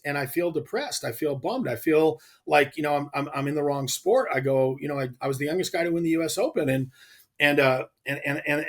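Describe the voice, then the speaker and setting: A man with a slightly raised voice tells a personal story in an earnest, heartfelt way. He often stumbles and restarts his sentences when the feeling catches up with him. He sounds like a guest in a relaxed conversation. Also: fairly high pitch. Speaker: guest, professional angler.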